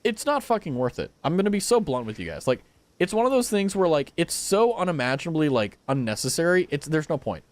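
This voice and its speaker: A young man chats loosely with his live-stream viewers, blunt and animated, swearing as he goes. His voice sits a little high and swings up and down a lot. It stays casual and conversational throughout. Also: fairly quick, no echo. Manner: animated, swearing, talks to chat. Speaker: game streamer.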